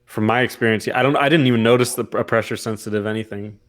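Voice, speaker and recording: A man's voice: fairly low pitch, steady tone, very fast, fairly bright tone, slight background noise. A man co-hosting a gaming podcast in casual chat, teasing the others and answering in short replies. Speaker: podcast co-host.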